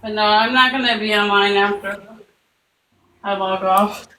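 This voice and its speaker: A woman in her thirties chatting on a live stream from her workplace, laid-back and unhurried. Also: medium pitch, fairly even intonation, bright, forceful tone. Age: 30s. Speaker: livestream guest. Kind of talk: casual chat on a live stream. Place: at her workplace, in an empty room. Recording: echoey room, distant from the mic, faint noise.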